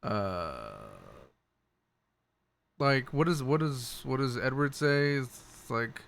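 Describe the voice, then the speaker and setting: A man's voice: medium pitch, lively intonation, unhurried, fairly bright tone. A man casually opening a tabletop game stream as game master, chatty, laughing and swearing a little. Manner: laid-back, laughing, swearing, chatty drawl.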